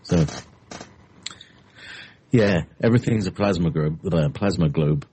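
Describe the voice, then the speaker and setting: A man's voice: low-pitched, unhurried, warm tone, slightly rough. A man co-hosting a talk show, talking in a meandering, hesitant way with plenty of fillers. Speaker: co-host. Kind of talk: casual chat.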